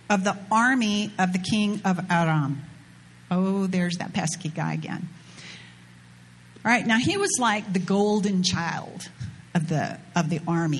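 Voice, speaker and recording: Husky-voiced woman preaching casually. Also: medium pitch. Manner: casual, chatty retelling with slang asides. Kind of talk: informal sermon with scripture reading.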